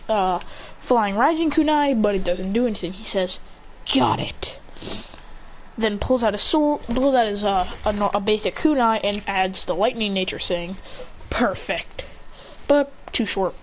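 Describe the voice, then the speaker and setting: A woman improvising an action fan story, excitable, acting out sounds and shouts. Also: mid-range voice, lo-fi sound, a little hiss or hum.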